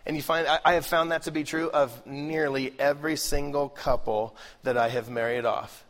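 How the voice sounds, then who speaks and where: A middle-aged male pastor preaching a lively, joking sermon, swinging between loud bursts and hushed asides. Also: a little high, normal speed. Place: large church hall. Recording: live sermon with long hall reverb.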